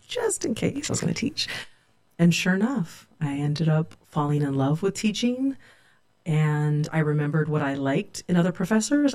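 A woman's voice: low voice, darkish tone. Middle-aged woman prof from california, reflective, candid storytelling. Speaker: sociology professor. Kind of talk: personal storytelling.

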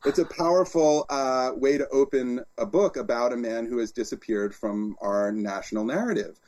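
A man, an author and guest, talking in an interview as an animated storyteller with frequent restarts. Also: medium pitch. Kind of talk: interview conversation.

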